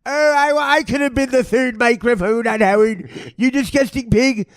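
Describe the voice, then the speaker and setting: A man putting on a shrill, disgusted male voice that shrieks in horror. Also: moderate pace, no echo, studio quality. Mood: disgusted shrieking. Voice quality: shrieking, high and strained.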